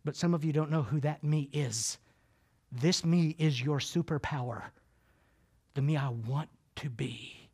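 A middle-aged Southern man speaking in a conference room, telling animated, folksy stories. His Southern US drawl carries the jokes, and he moves quickly from quiet reflection to lively comedy as a keynote speaker. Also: high-pitched. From Florida, US. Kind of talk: humorous motivational speech. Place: conference room before a live audience.

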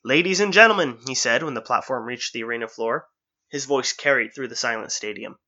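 A man playing a cocky storybook adventurer, breezy and wisecracking, with a bright, cutting voice. He stays unflappable under pressure, and the recording sounds dull and lo-fi. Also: medium pitch, steady tone, a little fast. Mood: showman.

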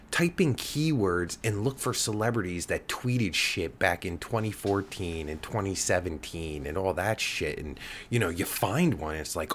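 A man's voice: lowish voice, a little hiss or hum. A man around forty rants on a podcast, swearing and rambling with many fillers. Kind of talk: profane podcast rant.

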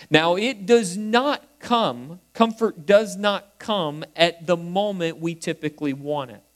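A man preaching a sermon, moving between emphatic, rising lines and quiet, hushed repeated refrains. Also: sits high, slow, hardly any pauses. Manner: swings from emphatic to hushed, soft quoted refrains. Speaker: pastor.

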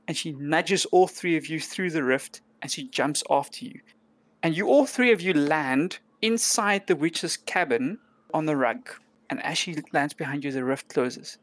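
A woman's voice: low-pitched, no room sound. A woman narrating a tabletop role-play game as game master, describing the scene in a chatty, descriptive way with frequent fillers.

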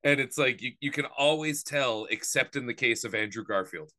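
A man co-hosting a podcast in casual chat, easygoing and agreeable, throwing in quick jokes. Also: medium pitch, sharp tone. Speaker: podcast co-host.

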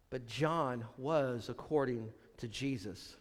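Man, pastor, sermon, high voice, long hall echo. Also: slow, few pauses. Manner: preaching, drops low and quiet for emphasis.

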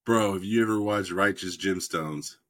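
A man's voice: low-pitched, normal speed. A man in casual chat, rambling and profane, retelling TV scenes with laughs between his lines. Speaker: podcast co-host.

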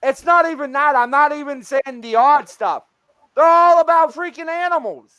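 A man hosting a casual live stream, excitable and laughing often as he reads out odd news. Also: very high voice, normal speed, no echo. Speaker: streamer host.

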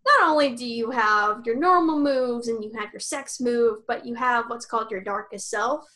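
A woman's voice: on the high side, normal speed, sharp tone. A woman co-hosting a podcast, casually recapping a tabletop role-playing session in a rambling, profane way, laughing often and acting out the characters' lines. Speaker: podcast co-host.

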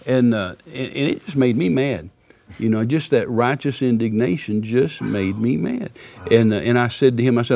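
Fast-talking gravelly man telling a testimony. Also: mid-range voice. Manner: animated, repeats words, chuckles while telling. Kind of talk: conversational storytelling testimony.

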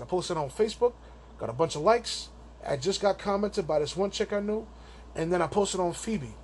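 A man's voice: sits high, slight background noise. A man hosting a solo podcast, venting in a crude, rambling, profane rant, an amateur stand-up comic. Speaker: podcast host.

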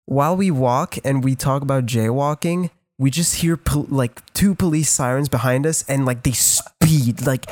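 A man's voice: mid-range voice, moderate pace, few pauses, darkish tone, dry recording. A young man from Canada, co-hosting a podcast, rambling through a story with lots of fillers, restarts and swearing. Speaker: podcast co-host. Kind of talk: casual storytelling chat.

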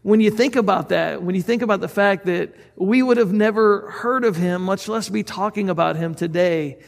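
A man's voice: high voice, normal speed, creaky, big-room sound. A man preaching a sermon as pastor, speaking in a conversational, earnest way and asking the listeners questions.

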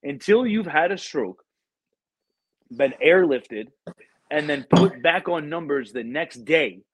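A man's voice: fairly high pitch, lively intonation, slow, breathy edge, no echo, rough recording. Slangy young man telling stories. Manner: slangy, profane storytelling with many fillers. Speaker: podcast host. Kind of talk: casual chat.

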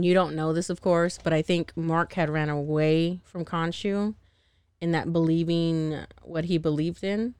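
Animated, swearing young woman podcast host. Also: lowish voice, clean tone, dry recording, clean studio sound. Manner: animated, laughing, swears freely, acts out characters. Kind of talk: casual chat recap.

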